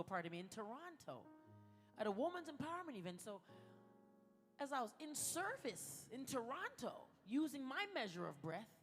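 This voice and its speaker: A woman giving a playful motivational speech at a gala and leading the audience through spoken mantras. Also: a little high. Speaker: gala speaker. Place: large event hall. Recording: echoey hall with music.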